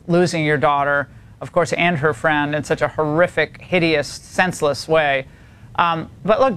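A man's voice: a little high, fairly bright tone, smooth. A man hosting a cable news show, interviewing guests in an emphatic, indignant way. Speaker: TV news host.

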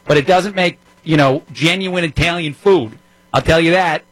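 A man's voice: a little high, moderate pace, dry recording, poor audio. A man from New Jersey with a New Jersey accent, filling in as a political talk radio host, talking in a wry, conversational way with frequent fillers.

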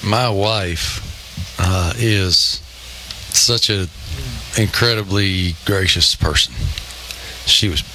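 A man's voice: low voice, slow, long pauses, sharp tone, a little hiss or hum, rough recording. A man in his fifties co-hosting a sports talk show, telling self-deprecating stories in casual chat.

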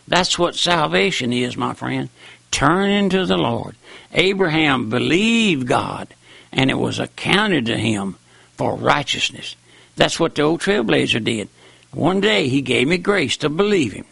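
A man's voice: medium pitch, lively intonation, measured pace, vocal fry, sharp tone, no room sound. An older man preaching a folksy, rambling sermon with rising and falling emphasis. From raised on a farm. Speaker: preacher on radio.

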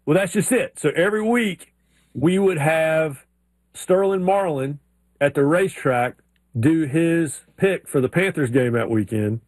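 A man co-hosting a sports radio show, an animated storyteller who slips into drawling voices. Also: fairly high pitch, a little slow, no room sound. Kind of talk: casual sports chat.

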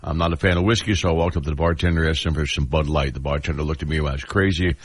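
A man's voice: a bass voice, steady tone, rapid-fire, husky, no echo. A man hosting a radio talk show, reading a listener's message aloud in a laid-back way, chuckling often.

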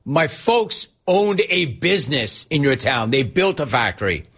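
A man hosting a talk radio show, riffing on callers in an energetic, mock-exasperated way. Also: medium pitch, measured pace. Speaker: radio sports talk host.

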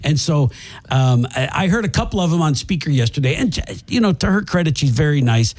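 A man's voice: a little high, animated, fairly quick, a little mellow, a little hiss or hum. A middle-aged man telling a story in casual chat, laughing and acting out the people he quotes.

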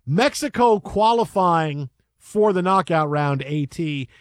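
A man's voice: fairly high pitch, lively intonation, slow, no echo, studio quality. A man hosting a casual sports talk show, chatty and playful.

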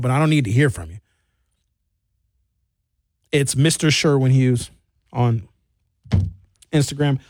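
A man's voice: fairly high pitch, a little mellow, dry recording, studio quality. A man hosting a radio talk show, ranting comically with put-on mocking voices. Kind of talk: casual radio monologue.

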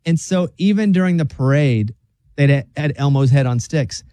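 A man's voice: fairly high pitch, moderate pace, dry recording. A man hosting a radio show, chatting casually and joking as he reads stories out. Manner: joking, animated storyteller who slips into silly voices.

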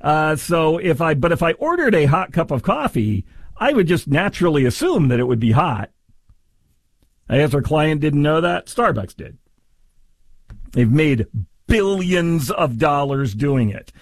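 A man's voice: fairly high pitch, big pitch swings, measured pace, no echo, clean studio sound. A man hosting a sarcastic commentary on a news story, mocking and exaggerated in delivery. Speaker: commentary host.

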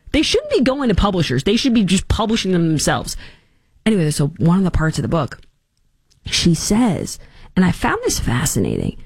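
A woman hosting a talk show, giving opinionated commentary in a sarcastic, animated way and acting out quotes. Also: on the low side, husky, dry recording, clean studio sound. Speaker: radio talk show host.

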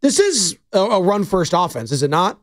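High-voiced chatty sports radio man. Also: sing-song, moderate pace, no room sound. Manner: chatty, lots of "like" and "um" fillers. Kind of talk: casual sports radio chat. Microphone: studio mic.

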